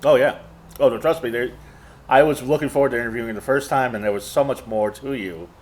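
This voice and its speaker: A man's voice: mid-range voice, fast talker. Easygoing man hosting a podcast. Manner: easygoing, rambling with fillers. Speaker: podcast host. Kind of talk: casual interview hosting.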